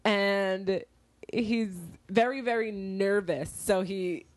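A woman's voice: medium pitch, steady tone, slow pace, dry recording. A woman chats casually as a podcast co-host, gushing and giggling often, with crude jokes thrown in. She talks close into the microphone. The sound is dry, with no room around it. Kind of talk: casual chat. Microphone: close studio mic.

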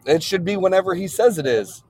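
A man's voice: high-pitched, animated, brisk. A hungover man calling in from the back of a car, cocky and teasing in casual banter. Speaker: wrestling champion guest calling in.

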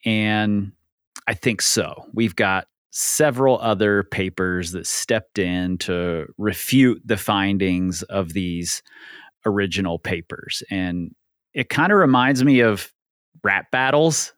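A man's voice: on the low side, takes it slowly, fairly bright tone, smooth, no echo, clean studio sound. A man hosting a podcast, explaining things earnestly with frequent ums and easy laughs. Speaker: podcast host. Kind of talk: casual podcast discussion.

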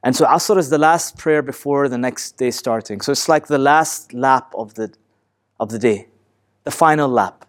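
A man teaching a Quran class, talking in a lively, emphatic way, asking his students questions and reciting Arabic verses quickly. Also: medium pitch. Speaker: Islamic teacher.

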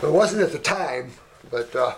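An older man, a natural healer, telling rambling anecdotes in a casual way and getting animated when he retells them. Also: a little high, unhurried, slight background noise. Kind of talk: casual storytelling.

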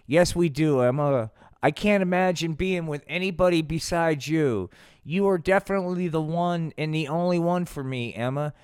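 A man playing a smooth-talking husband who sounds overly sincere and syrupy. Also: on the high side, moderate pace, darkish tone, no echo, studio quality, natural voice. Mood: sweet-talking.

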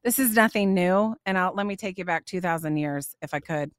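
A woman's voice: on the low side, fairly quick, clear, resonant tone, no echo, clean studio sound. A middle-aged woman hosting a faith podcast, answering questions and reading scripture in an emphatic, passionate way. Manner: emphatic and passionate, getting on a soapbox. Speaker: podcast host.

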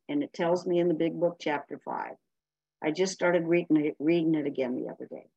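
A woman's voice: low voice, darkish tone, no echo, highs cut off. A woman giving a blunt, emphatic personal share as a speaker at a recovery meeting.

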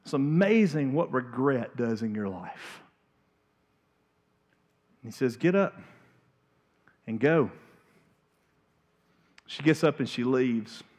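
A man preaching a sermon in a church, emphatic, swinging from hushed to loud and pleading. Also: mid-range voice, lively intonation, slow, pauses often. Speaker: pastor. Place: church sanctuary.

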